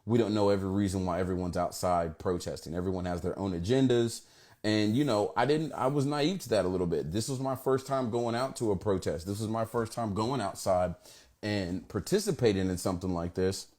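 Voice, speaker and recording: Guy with a lowish voice rambling through a story on a phone livestream, lots of ums. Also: brisk, a little mellow. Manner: rambling, many fillers and restarts. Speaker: organization founder. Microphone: phone camera.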